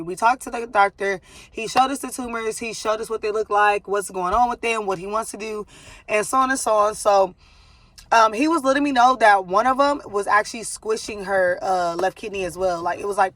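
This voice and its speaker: A woman's voice: mid-range voice, fairly bright tone, dry recording. Chatty young woman vlogging, full of likes. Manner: chatty, rambling, many likes and ums, breaks off to soothe her baby. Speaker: vlogger giving a life update. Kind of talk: casual chat to camera.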